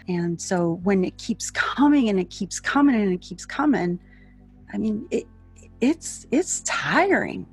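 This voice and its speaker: Husky woman talking real slow, soft-spoken and emotional. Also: medium pitch. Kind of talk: heartfelt panel discussion.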